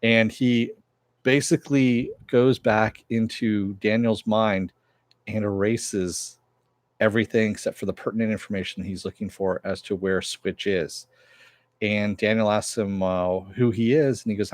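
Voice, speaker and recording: A man's voice: lowish voice, steady tone, measured pace, no room sound. A man casually recapping and reviewing a TV episode, rambling with many fillers as he retells the plot.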